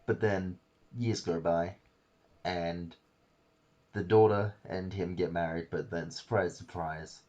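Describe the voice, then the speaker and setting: Low, husky man chatting on a podcast. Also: fairly even intonation, slow pace, darkish tone. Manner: rambling, many fillers, swears casually. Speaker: podcast host. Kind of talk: casual chat, retelling a story.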